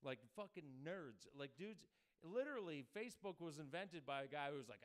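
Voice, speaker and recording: A man performing a crude stand-up comedy set, talking loosely and breaking into loud mock voices. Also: fairly high pitch, expressive, fairly quick. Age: adult with a daughter.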